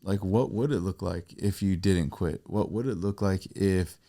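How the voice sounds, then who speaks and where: Very deep-voiced man reflecting calmly. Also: moderate pace. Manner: reflective, posing questions. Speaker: podcast co-host. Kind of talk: casual faith-based chat.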